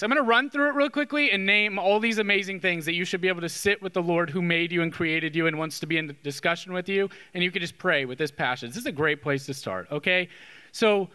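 A man's voice: high voice, pushed and bright, clean tone. A man preaching a sermon as a Catholic priest, talking in a conversational way and often checking in with "okay?". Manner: conversational, with frequent "okay?" tag questions. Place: church. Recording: long reverb of a church hall.

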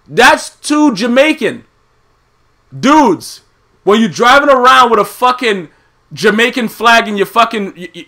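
A man hosting a podcast, animated and profane in a casual rant, who keeps asking "you know what I'm saying". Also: high-pitched. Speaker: podcast host.

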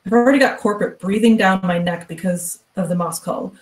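A woman reading a story aloud, voicing a stern, controlling female store manager with a clipped, quietly pushy manner. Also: medium pitch, fairly quick, roomy sound, distant mic, close to an everyday voice. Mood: pressuring.

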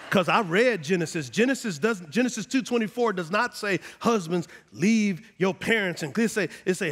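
High-voiced preacher in a reverberant church. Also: male voice, moderate pace, a little hiss or hum. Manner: preachy, builds to shouting, call-and-response asides. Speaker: pastor. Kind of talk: sermon. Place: large church sanctuary. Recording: long hall reverb.

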